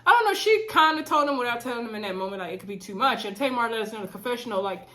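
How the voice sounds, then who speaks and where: A woman casually reviewing a reality TV episode from home, chatty and quick to laugh, talking straight to her viewers as y'all. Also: a little high, animated, pushed and bright. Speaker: reality TV recap host.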